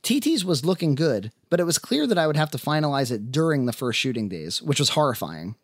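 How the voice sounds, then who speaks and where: An independent filmmaker narrating the making of his film in measured, wry first person. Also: fairly high pitch, sing-song, no echo, clean studio sound.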